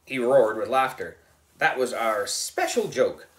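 A man reading a children's novel aloud, giving the lines animated, lively delivery. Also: medium pitch, measured pace. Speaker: reader.

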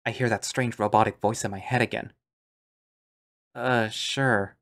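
Give me a man with a lowish voice narrating a story in first person, understated and musing. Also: steady tone, fast.

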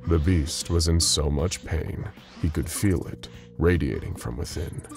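A man narrating a dark story in a measured, dramatic storytelling voice. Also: rumbling low, vocal fry, soft background music.

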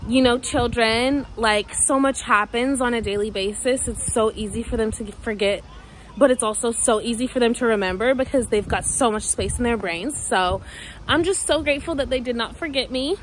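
A young woman vlogging casually from a parked car, chatty and gushing with excitement. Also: fairly high pitch, normal speed, slight background noise, rough recording. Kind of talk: casual vlog talk to camera.

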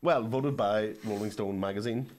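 A man with a lowish voice trading dry, teasing remarks on a podcast. He sounds offhand and relaxed, even when he is handing out advice. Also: normal speed. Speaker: podcast co-host. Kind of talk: casual banter.

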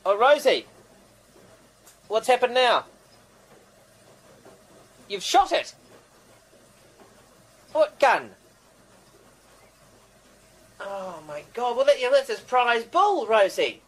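An actor with a New Zealand accent playing a rambling, apologetic band manager juggling phone calls in a radio sitcom. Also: male voice, very high-pitched, big pitch swings, slow, long pauses, exaggerated voice, poor audio. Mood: indignant. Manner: rambling, apologetic, easily flustered. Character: flustered male manager fielding phone calls.

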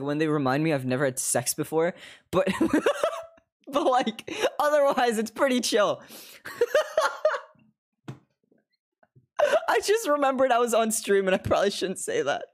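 A young man live streaming from his desk at home, chatting casually, swearing constantly, laughing often and slipping into other accents. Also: sits high.

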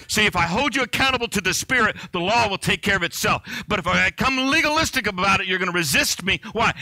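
A man's voice: sits high, sharp tone, dry recording. A male pastor preaching a sermon in a conversational way, joking and poking fun at himself.

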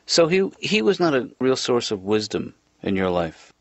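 Husky, mumbling deadpan cartoon shrink. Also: male voice, medium pitch, normal speed, no echo. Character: laid-back middle-aged male therapist. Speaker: therapist. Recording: slightly dull lo-fi TV audio.

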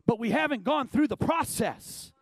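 A middle-aged male pastor delivers a sermon in a notably high voice. He preaches emphatically, sinking into low, quiet stretches before rising to loud shouting. The recording is dry, with no room echo. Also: expressive, normal speed, vocal fry.

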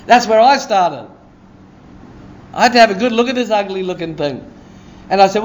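A man preaching a sermon in a church, excitable and conversational, often asking "Hey?" and laughing. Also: high voice, moderate pace, long pauses, a little hiss or hum. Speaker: pastor.

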